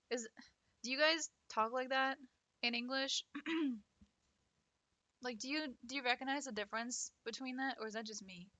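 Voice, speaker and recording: A higher-pitched woman with a bright, sharp voice, chatting with her stream chat from her computer at home. She talks casually, with plenty of fillers and frequent laughs. The recording is dry and close. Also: no room sound.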